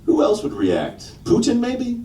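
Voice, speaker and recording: A man's voice: very high-pitched, huge pitch swings, unhurried, dark tone, a little hiss or hum. A man doing a stand-up comedy set, crude and mocking, trying out silly accents. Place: comedy club stage. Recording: roomy club sound from a distant mic. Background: audience laughing.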